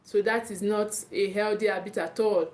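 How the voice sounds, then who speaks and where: A woman's voice: medium pitch, fairly even intonation, moderate pace, a little mellow. A woman with a Nigerian English accent coaching parents in a live talk, emphatic, often repeating and restarting her phrases and checking in with "okay".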